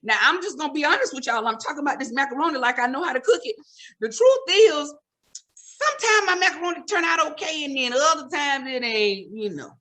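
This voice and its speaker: A middle-aged woman works through a stand-up comedy set, scolding and teasing her audience with sassy asides. Her voice sits high and rings bright and sharp. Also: animated, a little fast.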